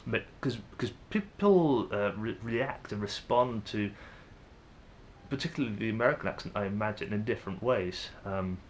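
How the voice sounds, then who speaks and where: A man's voice: lowish voice, lively intonation, normal speed, a little hiss or hum. A young Englishman with an English accent, musing to camera in a rambling, hesitant way with many fillers and restarts. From England. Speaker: vlogger.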